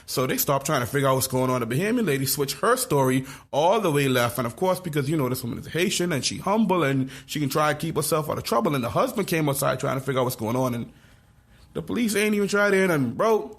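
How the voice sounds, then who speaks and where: A man co-hosting a podcast, telling a story in casual chat with lively slang. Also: on the high side, quick pace. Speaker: podcast co-host.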